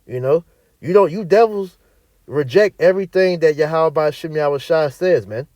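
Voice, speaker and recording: A man teaching and preaching from scripture speaks at a normal speed, his voice on the high side and darkish in tone, captured in a dry recording. He is emphatic and repetitive, often ending points with "all right," and reads verses in archaic wording. He mutters away from the mic while looking for something.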